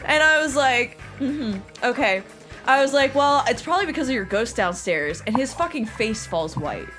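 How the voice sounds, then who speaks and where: A young adult woman hosting a podcast, telling a story in casual chat, animated, laughing and swearing as she acts out quotes. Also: high-pitched, brisk, soft background music. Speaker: podcast host.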